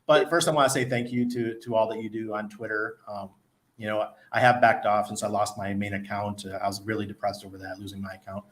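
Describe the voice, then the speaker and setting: Man, casual streamer, lower voice, quick to laugh. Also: flat delivery, a little hiss or hum. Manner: laughs often, self-deprecating storytelling. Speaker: crypto livestreamer. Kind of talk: casual livestream chat.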